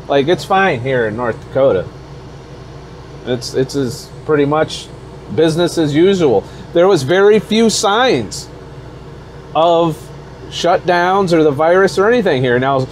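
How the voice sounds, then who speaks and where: A man's voice: sits high, darkish tone, slight background noise. A truck-driving man vlogging a heated rant, profane, fired-up and defiant. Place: out on the road.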